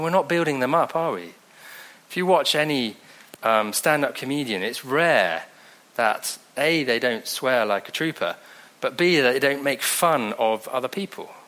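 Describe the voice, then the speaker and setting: A man preaching a sermon in a conversational way, with wry asides and slow scripture reading. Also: mid-range voice, sharp tone.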